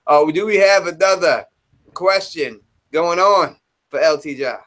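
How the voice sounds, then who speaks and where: A man hosting a loose live podcast chat, his voice sitting a little high. He talks in an animated, teasing way and swears freely. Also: unhurried. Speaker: host.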